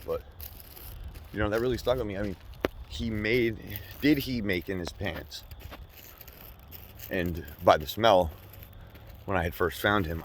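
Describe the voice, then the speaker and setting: A man delivering a deadpan satirical monologue outdoors, rambling and halting before building into a loud rant. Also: low-pitched, slight background noise. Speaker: comedic vlogger. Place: outdoors by a store parking lot.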